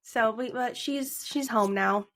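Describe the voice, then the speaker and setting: A woman with a fairly high voice talks casually as a podcast co-host. She is chatty, swears freely and laughs easily. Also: slow, fairly bright tone. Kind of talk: casual chat.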